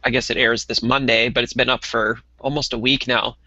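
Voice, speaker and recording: A man co-hosting a casual hobby podcast, talking in a relaxed way with lots of ums and uhs. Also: medium pitch, brisk, no room sound, dull audio. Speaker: podcast co-host.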